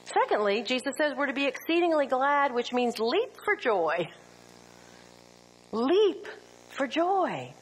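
A middle-aged woman teaching a women's Bible study, lively and full of rhetorical questions, sometimes acting out quotes. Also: high voice, moderate pace, few pauses, slightly rough, poor audio.

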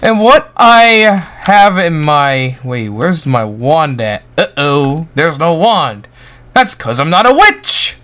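Goofy young gaming YouTuber, lively pitch. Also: male voice, slow pace. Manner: goofy, rambling, excitable outbursts. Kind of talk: Roblox gameplay tutorial commentary.

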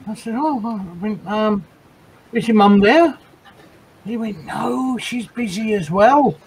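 A man's voice: sits high, measured pace, slight background noise, poor audio. A man hosting a casual livestream chat, telling jokes and stories and laughing between lines. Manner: giggly storyteller who laughs between lines. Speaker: livestream host.

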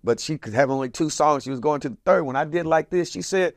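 A fast-talking interviewee in his 70s, who grew up in Portland, Oregon, shares lively, casual stories of community history. He dramatizes quoted voices with big swings in pitch and loudness. The audio is studio quality and echo-free.

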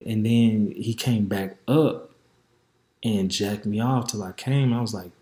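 A man's voice: lowish voice, unhurried, mellow, roomy sound. A man hosting a podcast, telling a candid story in a chatty way and speaking straight to his listeners. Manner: frank, chatty, addresses listeners directly. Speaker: podcast host.

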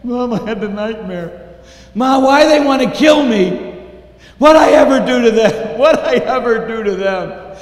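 A frightened small boy, put on by a male preacher, calls out high and loud for his mother. The pleading voice bounces around a big reverberant hall. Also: lively intonation, slow, exaggerated voice. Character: frightened little boy Jesus.

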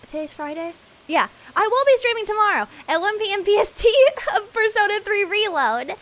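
A young woman streaming a video game live, rambling and joking at herself, swinging from mumbled asides to loud excited bursts. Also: extremely high pitch. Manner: rambling, self-mocking, jumps between mumbling and loud excitement. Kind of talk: live gameplay stream chatter.

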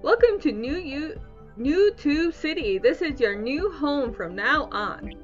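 A woman reading aloud the lines of a friendly game guide welcoming a newcomer, slowly and with small stumbles. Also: sits high, lively intonation, highs cut off, faint music behind.

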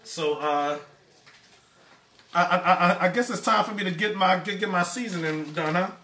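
A man's voice: sits high, moderate pace, pushed and bright, slight background noise. A man hosting a home cooking live stream, stammering and repeating words as he chats with viewers. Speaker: cooking show host. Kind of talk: casual live-stream chat. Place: home kitchen. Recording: echoey kitchen, distant mic.

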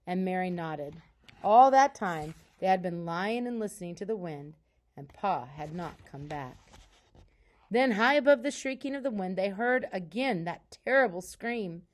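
Female teacher reading a children's book aloud, calm and soft. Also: mid-range voice.

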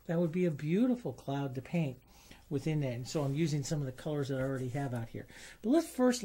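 Gentle man teaching cloud painting. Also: on the high side, slightly rough. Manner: gentle, enthusiastic, repeats "beautiful" and "like this". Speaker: painting instructor. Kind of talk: painting demonstration.

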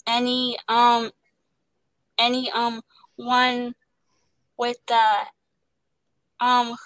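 A woman's voice: on the high side, fairly bright tone, no room sound, rough recording. A young woman who stutters heavily, with many fillers and repeated words, talking about acting as a guest. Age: young adult. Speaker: guest, actor. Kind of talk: casual interview.

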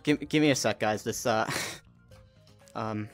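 A man with an Australian accent streaming a game, chatting casually with friends over voice chat, excitable and quick to swear. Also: on the low side, soft background music. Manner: excitable, swears freely, trails off.

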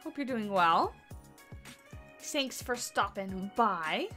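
A woman's voice: mid-range voice, animated, takes it slowly, pushed and bright, soft background music. A tired woman chatting casually and thinking aloud as she builds during a game livestream, greeting viewers by name. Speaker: game streamer. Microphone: desk mic on boom arm.

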